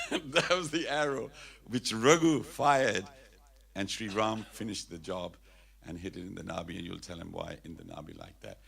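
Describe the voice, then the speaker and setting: A man's voice: lowish voice, moderate pace, vocal fry. A man speaking at a temple festival, telling a sacred story with animation and leading chants. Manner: animated storyteller, leads call-and-response chants.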